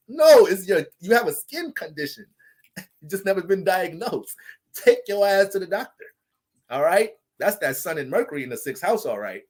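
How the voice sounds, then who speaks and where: Guy doing a chill astrology stream, cursing and joking with chat, kinda high voice. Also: expressive, moderate pace. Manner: loose, profane, joking, talks to the chat. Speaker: astrology livestream host. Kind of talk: casual livestream reading.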